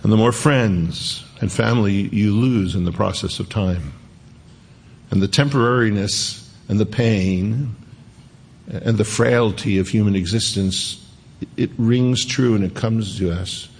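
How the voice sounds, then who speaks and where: Low gravelly guy preaching, kinda husky, chatty sermon, slows on the verses. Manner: conversational preaching, slows down to dwell on scripture. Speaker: pastor.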